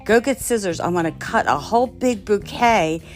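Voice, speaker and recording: A woman putting on the voice of her excited older mother from Philadelphia, with a Philadelphia accent, talking in an eager, insistent, fussing way. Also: medium pitch, moderate pace, faint music behind, close to an everyday voice. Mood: gushing.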